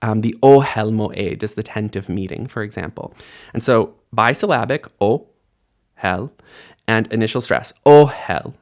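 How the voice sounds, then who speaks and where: A man's voice: fairly low pitch, normal speed. A man teaching an online language lesson in a casual, friendly way, explaining grammar and repeating words aloud for practice. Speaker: Hebrew teacher.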